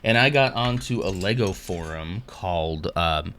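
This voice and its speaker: A man's voice: low voice, animated, measured pace, a bit bright, slight background noise. A man hosting a casual live stream, rambling along between dad jokes. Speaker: livestream host.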